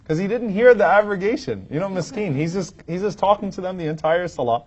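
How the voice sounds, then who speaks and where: A man's voice: high-pitched, animated, fairly quick, few pauses. A man teaching an Islamic lecture from a podium to a live audience, telling stories and acting out quoted lines with humor. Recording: dull, muffled lo-fi recording.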